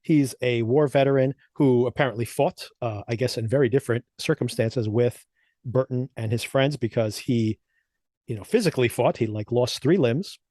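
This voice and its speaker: A man's voice: mid-range voice, normal speed, mellow, no room sound, studio quality. A man co-hosting a podcast, chatting casually as he recaps and reviews TV episodes, laughing often between thoughts. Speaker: podcast co-host.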